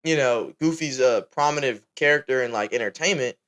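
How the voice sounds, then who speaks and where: A young man in his late teens hosting a podcast in relaxed, casual chat. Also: medium pitch, fairly quick. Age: young adult. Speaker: podcast host.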